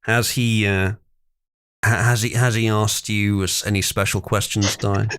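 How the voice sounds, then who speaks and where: A man's voice: lowish voice, level tone, measured pace, fairly bright tone, smooth. A man hosting a live stream, teasing his guests in casual chat. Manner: teasing, joking. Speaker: stream host.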